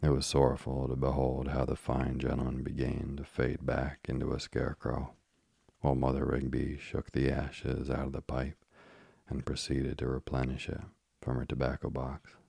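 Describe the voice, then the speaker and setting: A man narrating an old-fashioned tale in a measured audiobook reading. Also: rumbling low, monotone, vocal fry, warm tone, slightly rough, no room sound, studio quality.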